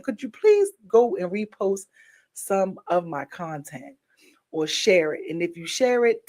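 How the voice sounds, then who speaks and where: Woman host, worn-out but chatty, warm sign-off talk, mid-pitched. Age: adult with a daughter. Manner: chatty, encouraging, loose slangy talk. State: tired. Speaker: livestream show host. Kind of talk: casual sign-off chat with viewers.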